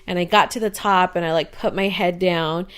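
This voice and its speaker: A woman's voice: lowish voice, steady tone, normal speed, smooth. Chatty podcast lady rambling through a story, says like a lot. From Arizona. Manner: chatty storyteller, fillers "like" throughout, acts out quotes loudly. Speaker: podcast co-host. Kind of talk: casual chat.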